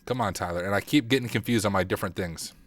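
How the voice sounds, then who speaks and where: A man's voice: on the low side, fast. Casual man thinking aloud over typing. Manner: thinks aloud, self-deprecating, mutters while typing. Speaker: cybersecurity streamer. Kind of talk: casual livestream walkthrough.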